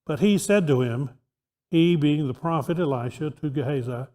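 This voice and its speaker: At a normal speed and with a slightly high, mellow voice, a man conducts an interactive Bible class. He keeps it conversational, asking the listeners questions and often restarting his sentences. The room is a church auditorium, and the sound echoes like a church hall.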